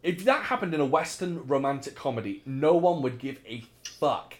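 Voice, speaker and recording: A man's voice: medium pitch, expressive, moderate pace. A man co-hosting a casual film podcast, chatty and opinionated, swearing now and then. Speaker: podcast co-host.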